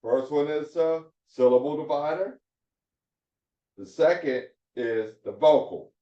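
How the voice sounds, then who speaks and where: Guy teaching hebrew phonics real slow, far off the mic in an echoey room. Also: on the high side, mellow. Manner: slow, repetitive drilling of syllables. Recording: roomy, distant, dull lo-fi sound.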